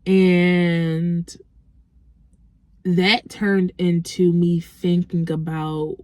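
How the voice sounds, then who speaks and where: A woman vlogger telling a personal faith testimony in a halting, reflective way, with frequent restarts. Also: fairly low pitch, level tone, a little mellow, no echo.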